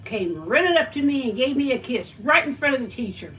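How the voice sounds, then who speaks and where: A woman chatting casually on a livestream, telling a lively story. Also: high-pitched, a little fast, recorded from a distance, slight background noise, poor audio. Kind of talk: casual chat.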